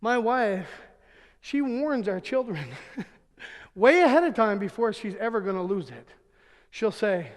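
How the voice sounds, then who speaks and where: Pastor guy telling funny family stories in a sermon, fairly high voice, acts out the quotes, big echoey church hall. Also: normal speed. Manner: animated, acts out quotes, laughs often. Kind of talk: humorous sermon storytelling. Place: church sanctuary. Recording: long hall reverb.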